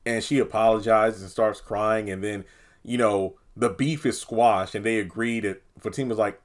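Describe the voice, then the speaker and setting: A man's voice: fairly low pitch, steady tone, moderate pace. A man hosting his own TV review channel, talking casually and with exasperation, rambling and sometimes acting out characters' lines. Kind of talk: casual solo review talk.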